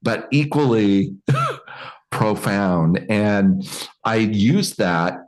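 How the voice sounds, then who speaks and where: A man's voice: lowish voice, wildly swooping pitch, very slow. A man leading an online group coaching call, speaking in a reflective, admiring way with trailing restarts. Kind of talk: casual group coaching talk.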